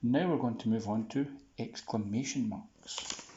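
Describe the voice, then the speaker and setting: A man's voice: mid-range voice, unhurried, warm tone. Chatty man teaching, roomy sound. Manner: chatty and upbeat, with playful asides. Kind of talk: casual classroom video lesson. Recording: roomy, slightly dull sound.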